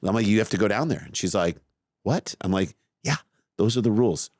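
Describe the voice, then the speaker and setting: A middle-aged man co-hosting a podcast, telling a long story in a lively, self-mocking way. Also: fairly low pitch, quick pace, dry recording, studio quality. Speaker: podcast co-host. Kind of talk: casual chat, storytelling.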